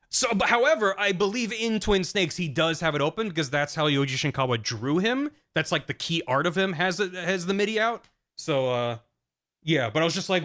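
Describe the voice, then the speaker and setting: A man's voice: fairly high pitch, fairly bright tone. A young man chatting casually on a live stream, rambling with frequent stammered restarts.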